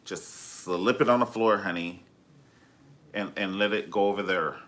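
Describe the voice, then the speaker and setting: A man with a lowish, slightly bright voice hosts a casual live stream at a moderate pace, telling gossipy stories in a sassy, flamboyant, profane manner and calling people honey.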